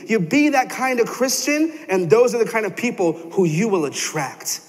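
A young man delivers a sermon in a church sanctuary. His voice sits a bit high for a man, and he tells stories animatedly, slipping into the voices of the people he quotes. A long reverb trails each phrase through the hall. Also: very animated, moderate pace, hardly any pauses. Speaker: pastor.

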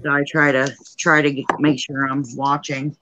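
A woman chats on a home craft live stream, her voice bright and forward. She laughs often and rambles easily. The sound is close and dry, with no room around it. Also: sits low, little pitch movement, moderate pace, no echo, highs cut off. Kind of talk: casual chat.

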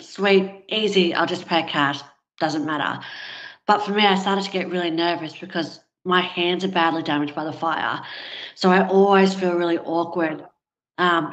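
Woman in her 30s telling a personal story, lowish voice, bit muffled. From Australia. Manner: candid, conversational, frequent fillers. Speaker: interview guest.

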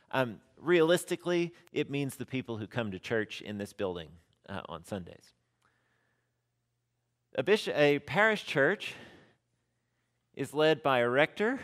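A man, a rector teaching a church class in a relaxed, conversational way, repeating key words and asking the class questions. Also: medium pitch.

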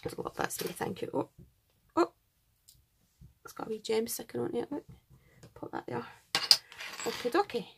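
A woman's voice: fairly high pitch, moderate pace, vocal fry, pauses often, husky. A Scottish woman hosting a craft channel, chatting casually and gushing as she unboxes and counts items aloud. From Scotland.

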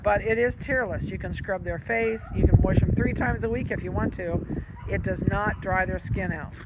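A man who breeds dogs, giving folksy, chatty advice outdoors in a yard and pausing to comment on the puppies. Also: high-pitched. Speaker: dog breeder. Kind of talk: casual outdoor advice talk. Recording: loud wind noise outdoors. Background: wind and puppies playing.

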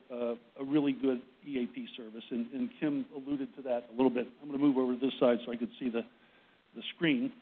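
A man from Boston giving a workplace presentation to an audience, short of breath, who often restarts and keeps checking in with "right?". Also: mid-range voice. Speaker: presenter on a panel. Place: conference room with audience. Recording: tinny phone-like recording.

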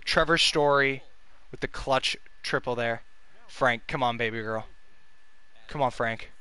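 A man's voice: medium pitch, a little slow, sharp tone, clean tone. A young man giving casual, profane gameplay commentary as a gaming video host, venting frustration and urging on his players.

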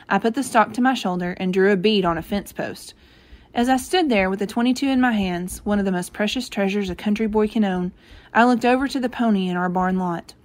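Woman reading a story out loud, gentle storytelling, mid pitch. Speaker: reader. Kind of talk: reading a novel aloud.

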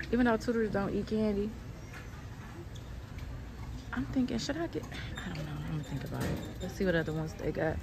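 A woman chatting to her viewers in a casual vlog, talking to them as "y'all" while she walks through a big store with her phone. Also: medium pitch. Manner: chatty, talks straight to the viewers with lots of "y'all". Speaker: vlogger. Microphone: phone held in hand. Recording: phone audio with clear background noise.

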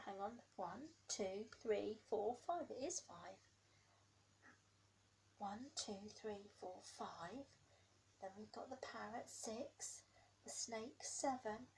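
A preschool teacher reads a picture book to toddlers, taking her time over each page. She asks the little ones questions and sinks into hushed whispers to build suspense. Her voice sits at an ordinary pitch for a woman. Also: a little hiss or hum. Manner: drops to hushed whispers for suspense, then gasps; coaxing, asks the children questions.

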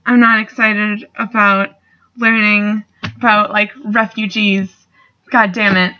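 A woman's voice: mid-range voice, little pitch movement, slow. A young woman talking casually in a video response, rambling with fillers and casual swearing, a little emotional. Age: young adult. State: getting emotional. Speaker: student vlogger. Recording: dull lo-fi recording.

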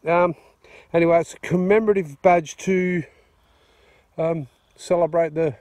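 An Australian man with a somewhat high voice talks to his phone camera outdoors. His chat is excitable and blokey, full of "righto" and "mate". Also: measured pace, no room sound. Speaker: metal detecting channel host. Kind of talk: casual outdoor vlog chat. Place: outdoors at a dig site.

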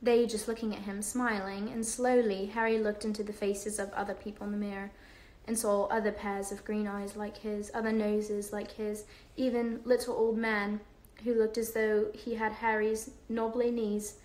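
A woman's voice: mid-range voice, little pitch movement, normal speed, hardly any pauses, a little mellow, roomy sound, low-quality recording. A woman reading a novel aloud to viewers on a livestream, unpolished, with fillers and self-corrections.

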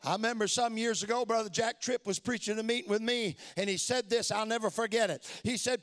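A middle-aged man preaching a sermon, dropping to hushed asides and then shouting for emphasis, repeating phrases to drive them home. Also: sits high, fairly even intonation, a little fast, few pauses.

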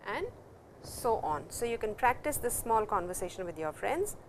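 A middle-aged woman with an Indian English accent giving a patient, explanatory classroom lecture, repeating terms slowly. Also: medium pitch, sing-song, slight background noise. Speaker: Japanese language teacher.

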